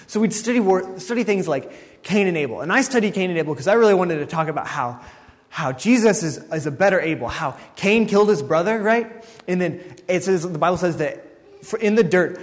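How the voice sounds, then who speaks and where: A man preaching a sermon, telling a story in a lively way and acting out the people in it. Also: sits high, in a large hall.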